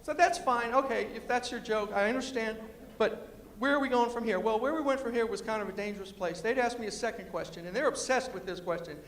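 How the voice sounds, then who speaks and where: A man telling funny stories to an audience in a lively, animated way, with a New York accent softened by West Virginia, acting out quoted voices. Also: fast, a little hiss or hum. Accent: New York with West Virginia influence. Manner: animated, acts out quoted voices with big pitch jumps. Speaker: storyteller and humorist giving a talk. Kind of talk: comic storytelling speech. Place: large lecture hall with audience. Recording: hall reverb.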